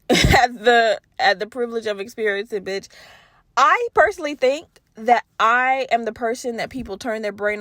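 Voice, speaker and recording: A young woman hosting a casual solo podcast, talking candidly with lots of profanity and animated storytelling. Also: fairly high pitch, no echo, clean studio sound. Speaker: podcast host.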